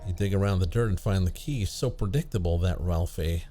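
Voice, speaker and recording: A man's voice: low-pitched, fairly quick, over music. A man streaming a game, reading its text aloud with wry, amused asides. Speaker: let's play streamer.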